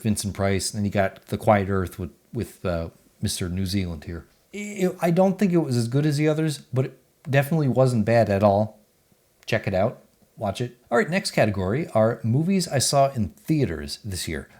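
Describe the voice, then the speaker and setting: A man's voice: lowish voice, a little mellow. A man, giving casual, blunt movie reviews in a chatty, offhand way. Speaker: movie reviewer, channel host.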